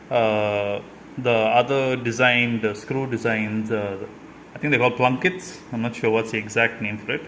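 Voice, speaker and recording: A man's voice: medium pitch, pushed and bright, slight background noise. Man narrating his drilling, hesitant. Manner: hesitant, many "uh" fillers, explains step by step. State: slightly out of breath. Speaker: DIY video maker. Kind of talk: casual how-to narration while working.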